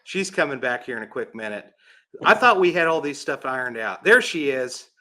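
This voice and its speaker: Bright-voiced joking male host. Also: mid-range voice, animated, moderate pace. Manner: jokey, laughs easily. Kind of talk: casual chat.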